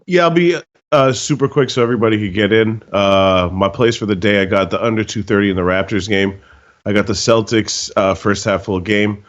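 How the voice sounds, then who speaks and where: A man's voice: lowish voice, a little fast, muffled recording. A man who is losing his voice, methodically walking through stats behind his betting picks. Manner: stat-heavy, methodical. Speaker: sports betting analyst.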